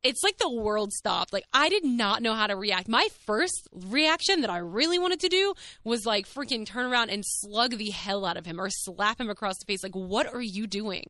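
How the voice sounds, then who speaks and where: Young woman hosting a podcast, candid and chatty with lots of fillers; crisp, bright voice, dry close sound. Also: fairly high pitch, expressive, moderate pace, hardly any pauses, no echo. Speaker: podcast host. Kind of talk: casual monologue.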